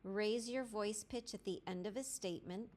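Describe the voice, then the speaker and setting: A woman teacher narrating a language lesson, clear and deliberate, spelling out grammar formulas step by step. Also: mid-range voice, a little mellow. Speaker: French teacher. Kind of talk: slow instructional lesson narration.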